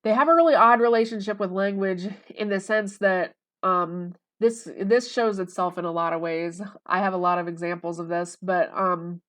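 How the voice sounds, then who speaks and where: A woman's voice: on the low side, normal speed, hardly any pauses, fairly bright tone. A woman talking casually to the camera in a rambling, conversational way, full of fillers. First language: English. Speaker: vlogger.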